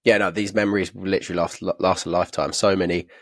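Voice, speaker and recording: Young guy, quick banter, lowish voice, dry close mic. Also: level tone, fairly bright tone, dry recording. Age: young adult. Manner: fast, laughing banter. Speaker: podcast co-host. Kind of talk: casual football podcast chat.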